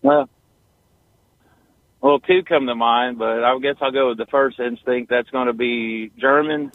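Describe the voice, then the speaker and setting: A man calls in to play a radio guessing game, answering in a hesitant, easygoing way. His voice is mid-pitched, and it comes through a thin, tinny phone line. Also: expressive, unhurried. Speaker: caller.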